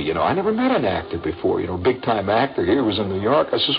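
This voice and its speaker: An older man from Indiana tells a story on the radio in a low, gravelly voice. His pitch swings widely as he acts out the people in it. The recording is dull and lo-fi, with faint music behind him. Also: big pitch swings, quick pace, few pauses.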